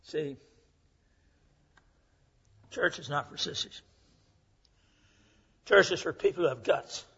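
A man in his 80s with a fairly high, husky voice preaches a folksy, earnest sermon rich with stories, giving voice to the people he quotes. The recording sounds muffled and lo-fi.

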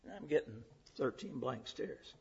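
A man's voice: mid-range voice, lively intonation, normal speed, vocal fry, a little mellow, breathy edge. A man, preaching a folksy, earnest sermon full of stories. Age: 80s. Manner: folksy, earnest, acts out quoted voices. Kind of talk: sermon with storytelling. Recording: muffled lo-fi recording.

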